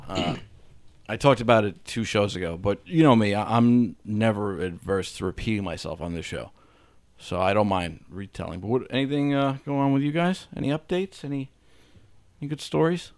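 A relaxed man hosts a podcast, chatting casually with a wry edge. His talk is easygoing and unhurried. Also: fairly low pitch. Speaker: podcast host. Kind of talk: casual chat.

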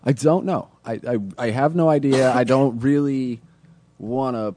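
A young man telling a story as a guest in a casual podcast chat, halting and full of fillers, mocking himself. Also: mid-range voice, dark tone.

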